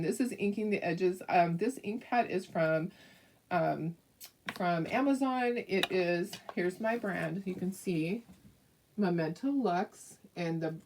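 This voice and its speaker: A woman's voice: lowish voice, a little mellow, far from the mic. A middle-aged woman hosting a casual live craft tutorial, chatty and rambling, with lots of fillers and frequent laughs. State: hiccups.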